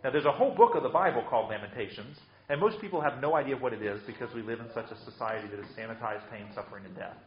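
A man's voice: mid-range voice, rapid-fire, few pauses, roomy sound, muffled recording. A man preaching a sermon with emphatic delivery, often repeating words as he restarts. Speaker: pastor.

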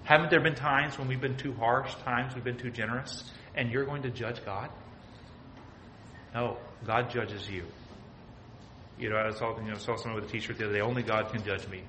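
A man's voice: medium pitch, steady tone, moderate pace. Emphatic male preacher with faint hiss. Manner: emphatic, often asks "okay?", swings from loud to hushed. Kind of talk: sermon.

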